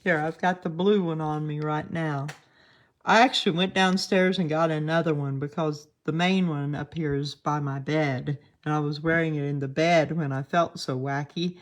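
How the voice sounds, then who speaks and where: A woman from the Southern United States with a twangy accent hosts casual live commentary. Her voice is low, fairly even in intonation, and moderately paced, and she chats along, laughs often and makes fun of herself.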